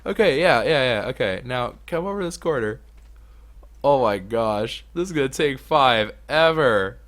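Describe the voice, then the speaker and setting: A young man giving casual let's play commentary as a gaming YouTuber, swinging from low mutters to loud excited outbursts. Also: unhurried.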